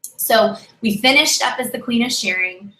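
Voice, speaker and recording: An animated woman gives a motivational talk, voice sitting a bit high as she acts out both sides of her story. She pushes and exhorts her listeners with quick shifts of energy. The sound rings in a roomy, echoey space. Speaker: direct sales leader. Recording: roomy echo.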